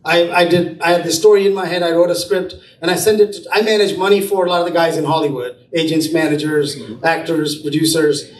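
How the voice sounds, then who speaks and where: A middle-aged man from India, speaking at a business brunch and telling his story in an animated way, acting out the dialogue. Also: on the high side, fairly quick, few pauses. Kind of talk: motivational storytelling to a small audience. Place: event room at a brunch. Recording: roomy, distant mic, faint room noise.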